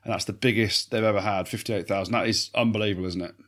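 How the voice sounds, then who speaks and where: A man's voice: fairly low pitch, fairly even intonation, fast talker, a bit bright. Matey male rugby podcast co-host. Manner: matey, banter-heavy, swears. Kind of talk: casual rugby chat.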